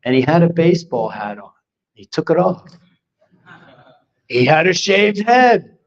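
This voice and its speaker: A man's voice: a little high, measured pace. An older man from Philadelphia, a spiritual teacher telling a personal story in a class, acting out what he once said. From Philadelphia, United States. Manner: animated, acts out his own past lines. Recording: dull lo-fi recording.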